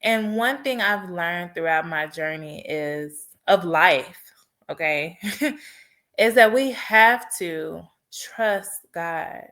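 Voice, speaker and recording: A woman's voice: lowish voice, drawn-out words, fairly bright tone. A woman podcast host telling a personal story in an earnest, heartfelt way and offering faith-based encouragement. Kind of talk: personal testimony monologue.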